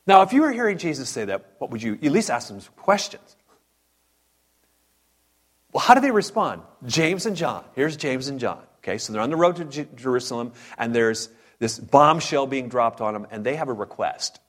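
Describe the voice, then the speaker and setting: A man's voice: medium pitch, moderate pace. Fired-up guy preaching, voice jumps all over, cracks jokes mid sermon. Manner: animated, fired-up preaching with asides and humor.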